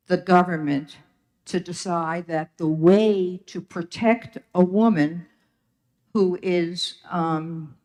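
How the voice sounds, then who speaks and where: Slow, measured older witness testifying. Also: mid-range voice, fairly even intonation, darkish tone. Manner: measured, deliberate, frequent ums. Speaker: witness at a legislative hearing. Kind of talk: formal testimony.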